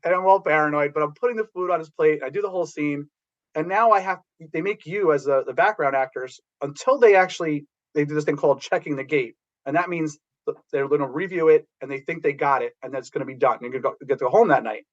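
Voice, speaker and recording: A middle-aged man telling rambling, animated anecdotes about working as a background actor, with many restarts. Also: on the high side, quick pace, muffled recording.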